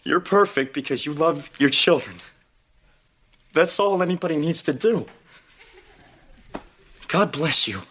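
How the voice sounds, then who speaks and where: An actor playing an emotional, earnest young masseur who is sentimental and easily moved. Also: male voice, fairly high pitch, expressive, a little slow, pauses often, fairly bright tone, slightly rough, heavily acted. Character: emotional young male masseur, gentle and tearful.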